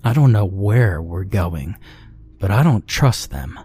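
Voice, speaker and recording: A frightened young man trapped on a haunted train speaks in tense, urgent bursts, voiced by a male reader. The voice is husky and dark. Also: sits low, lively intonation, takes it slowly, heavily acted.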